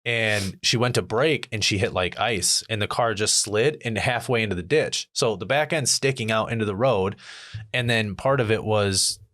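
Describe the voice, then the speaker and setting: A man's voice: lowish voice, normal speed, a bit bright. A man hosting a casual podcast chat, cursing freely and acting out his own rants. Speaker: podcast host.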